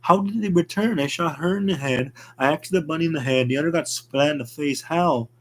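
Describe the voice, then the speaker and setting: A man's voice: on the high side, a little fast, a bit bright, pitched above the performer's own voice. A man voicing a young woman survivor who pleads frantically as she flees killers. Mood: frantic.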